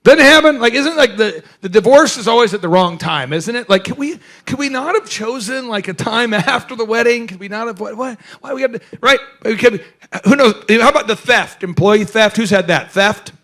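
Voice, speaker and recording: A man hosting a business workshop, talking to a live audience in an animated, joking way and firing questions at the crowd. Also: very high-pitched, moderate pace. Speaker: host. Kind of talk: energetic business workshop talk.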